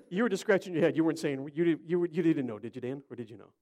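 A man's voice: on the high side, expressive, fast, darkish tone. A middle-aged man from Ohio preaching an interactive sermon, chatting with his listeners and quizzing them by name. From Cleveland, Ohio.

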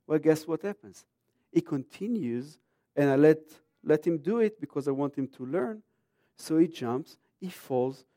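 Emphatic preaching man, slightly high voice. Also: no room sound, studio quality. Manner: emphatic, swings between hushed and loud. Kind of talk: sermon.

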